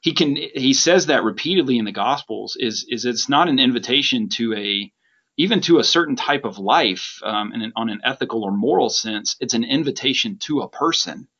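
A man's voice: medium pitch, animated, moderate pace, fairly bright tone. A male host reflecting aloud in casual conversation, musing and searching for his words. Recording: dull lo-fi sound.

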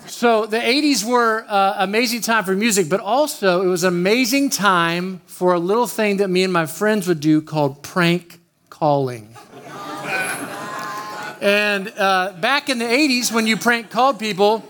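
A man preaches in a light, high voice. He opens with a casual, joking personal story and keeps talking straight to the people in front of him. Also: a little slow, fairly bright tone. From Oklahoma, USA. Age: 50s. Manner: chatty, joking, talks straight to the room. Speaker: pastor. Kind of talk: storytelling sermon.

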